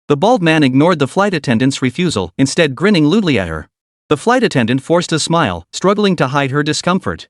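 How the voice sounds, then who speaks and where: A man reading a web-novel story aloud in a steady narration style. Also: on the high side, a little fast, no room sound, clean studio sound. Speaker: audiobook narrator. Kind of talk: scripted narration.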